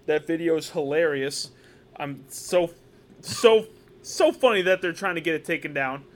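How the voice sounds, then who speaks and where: A man co-hosting a casual sports podcast, animated and joking, often repeating himself. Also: fairly high pitch, normal speed. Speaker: podcast co-host. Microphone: podcast microphone.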